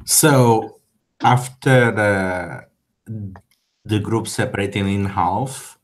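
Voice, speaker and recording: A man playing a tabletop game, describing his character in a measured way. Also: on the low side. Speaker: player. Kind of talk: narrating his character's actions.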